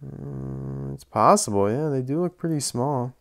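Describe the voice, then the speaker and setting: A man's voice: mid-range voice, a little slow, gravelly. Chatty young man reviewing toys. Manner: chatty, rambling, enthusiastic about details. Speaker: toy collector reviewer. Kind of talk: casual toy review vlog.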